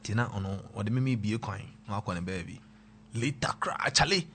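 A young man with a Ghanaian accent, casually telling a personal story, mixing pidgin and local words and swinging between loud and quiet. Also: on the low side, lively intonation, brisk, slight background noise.

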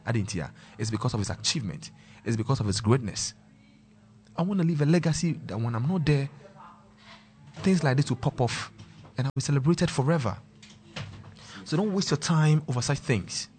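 A man's voice: medium pitch, expressive, fairly quick, a little mellow. A Ghanaian man presenting a talk show, sharing a passionate personal testimony and mixing English and Twi. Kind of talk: emotional personal testimony to viewers.

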